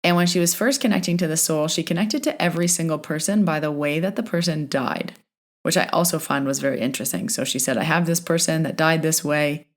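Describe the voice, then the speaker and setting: A woman with a notably low voice hosts her own podcast as a medium. She tells stories in a loose, chatty way, often retelling back-and-forth exchanges. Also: brisk. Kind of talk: casual podcast storytelling.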